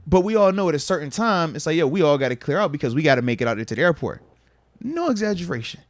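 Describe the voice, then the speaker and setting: A man in his thirties, a former football player hosting a podcast, telling stories in casual chat and acting out the quoted dialogue with big jumps in pitch and loudness. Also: sing-song, fast talker, no room sound.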